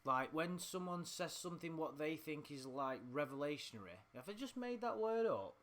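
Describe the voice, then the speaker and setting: A man's voice: fairly high pitch, big pitch swings, moderate pace, a bit bright. An English man reading out chat logs and ranting in a sweary, mocking, rambling way. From England. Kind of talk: casual reading and ranting commentary.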